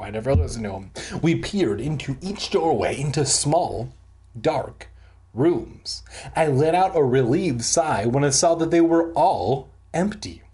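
A man reads a children's horror story aloud for laughs, taking his time over each spooky line. His pitch swings widely as he dramatizes the scene. He then drops into flat, deadpan crude asides before going back to the story. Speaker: comic reader. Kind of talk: comic reading of a children's horror book with asides.

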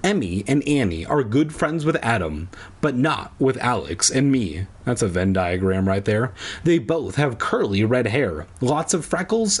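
Man, husky, animated pitch, comedic book reading, sarcastic crude asides. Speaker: comedic reader.

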